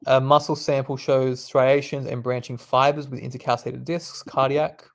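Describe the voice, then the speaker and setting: A man's voice: medium pitch, flat delivery, moderate pace, creaky. A young man, a medical student, reading quiz questions aloud and explaining the answers in a laid-back, casual way. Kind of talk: casual quiz study session.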